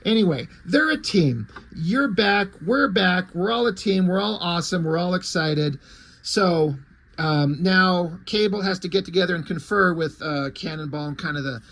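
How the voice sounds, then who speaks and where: Man, comic book reviewer, casual chat, sarcastic, curses a lot, slightly high-pitched. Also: moderate pace, a bit bright. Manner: sarcastic, swears freely.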